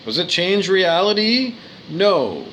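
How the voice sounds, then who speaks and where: A man's voice: high-pitched, sing-song, slow pace, a bit bright, a little hiss or hum. A man giving an earnest spiritual monologue, repeating his phrases and stumbling over his words. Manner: earnest, repetitive, with stumbles and restarts.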